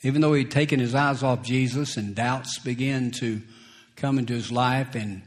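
A man preaching a sermon, slow and deliberate, who chuckles between points and acts out scripture quotes. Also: medium pitch, fairly even intonation.

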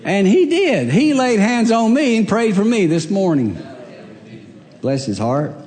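A man's voice: high-pitched, very animated, unhurried, darkish tone, big-room sound. An older man, preaching a sermon in a church and telling stories about himself in a humorous, self-deprecating way. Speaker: pastor. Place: church sanctuary.

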